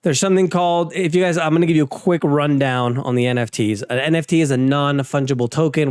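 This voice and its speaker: A man's voice: on the high side, quick pace, hardly any pauses, darkish tone, smooth, dry recording, clean studio sound. A man hosting a casual market and crypto news rundown, talking offhand with sarcastic asides and frequent restarts. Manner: frequent restarts and fillers, conversational. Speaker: host.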